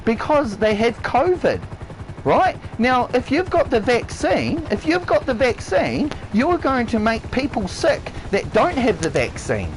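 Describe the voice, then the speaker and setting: A man's voice: extremely high pitch, huge pitch swings, measured pace, a little hiss or hum, low-quality recording. A man with a New Zealand accent, ranting on a live game stream, swearing heavily and repeating himself. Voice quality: swears constantly, shouts and drops his voice, repeats himself. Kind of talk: heated rant on a live stream.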